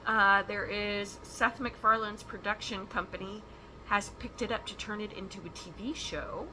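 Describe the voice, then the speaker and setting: At home, a woman hosts a stitching vlog, chatting casually and rambling with lots of ums and laughter. Her mid-range voice is steady and moderately paced, with background noise in the recording.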